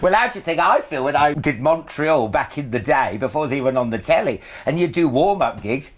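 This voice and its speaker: A man's voice: a little high, lively intonation, brisk. A middle-aged man from England hosting a podcast, camp and exclamatory, giggling as he tells stories. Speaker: podcast host. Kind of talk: casual chat.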